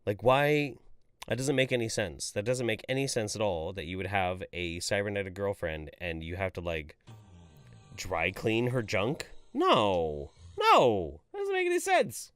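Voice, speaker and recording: Man, livestream host, profane, exasperated, lively pitch, dry close mic. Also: unhurried, smooth, no echo, soft background music. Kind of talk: casual live-stream chat.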